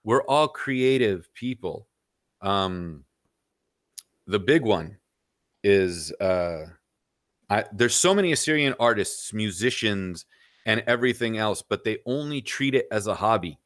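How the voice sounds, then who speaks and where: A man's voice: on the low side, expressive, measured pace, fairly bright tone, dry recording, clean studio sound. A man in his forties, a guest on a podcast, giving opinionated views in casual talk and leaning on "you know" as he lists examples.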